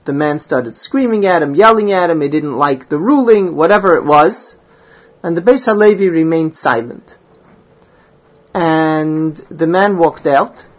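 A man's voice: fairly high pitch, unhurried, highs cut off. A man teaching a Talmud class, reading Hebrew and Aramaic phrases and explaining them in English.

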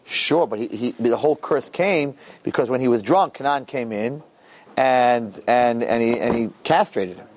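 A man teaching a Torah class to a room of listeners, animated and full of rhetorical questions. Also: mid-range voice, normal speed, a little hiss or hum. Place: room with an audience.

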